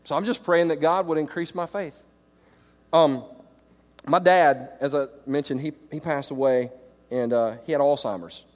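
A middle-aged pastor preaches to church leaders with animated energy, swinging between loud exclamations and quiet, reflective passages at a moderate pace. His voice is slightly high for a man. A long reverb suggests a large auditorium or hall.

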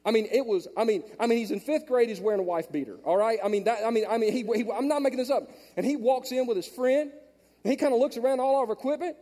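A male pastor preaching a sermon through a handheld mic in a large church auditorium, storytelling and swinging from hushed asides to loud emphatic peaks. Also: very high voice, fast, big-room sound.

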